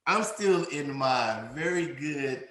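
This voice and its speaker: A man hosting a podcast, telling classroom stories in a lively, animated way and acting out the voices he quotes. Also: on the high side, slow, roomy sound. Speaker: podcast host and teacher. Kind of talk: casual storytelling chat.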